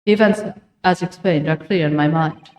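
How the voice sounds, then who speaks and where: A woman voicing a formal older male judge who speaks in a measured, stately way. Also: deep voice, a little mellow, roomy sound, in a large hall, close to an everyday voice.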